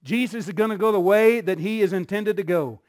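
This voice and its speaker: A man preaching a sermon in church, building up to shouted call-and-response with his congregation. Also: high voice, a little fast. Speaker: pastor.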